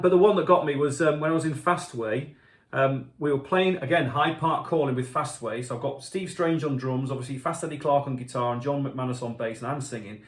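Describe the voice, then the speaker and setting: A man's voice: mid-range voice, reverberant. A middle-aged man, a musician casually telling self-deprecating stories while answering fan questions. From Yorkshire, England. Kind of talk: casual anecdotal storytelling. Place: home kitchen.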